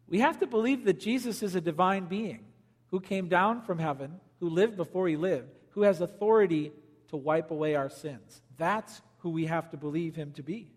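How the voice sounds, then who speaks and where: A man preaching a sermon as pastor, swinging between loud emphasis and quiet, low lines. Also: moderate pace, in a large hall.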